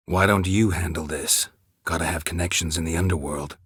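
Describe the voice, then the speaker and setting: An actor playing a gruff, laconic middle-aged monster hunter in a game, with a husky voice and clipped, dryly sarcastic questions. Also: male voice, steady tone, normal speed, a bit bright, no room sound. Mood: terse, dry. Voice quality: husky, gravelly low voice. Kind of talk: game voice acting. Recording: dry close studio recording.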